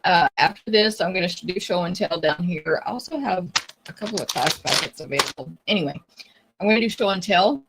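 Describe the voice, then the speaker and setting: A woman's voice: lowish voice, fairly quick, noisy background. A woman hosting a live craft demonstration, talking casually and chattily, often losing her train of thought. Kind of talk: casual live-stream chat.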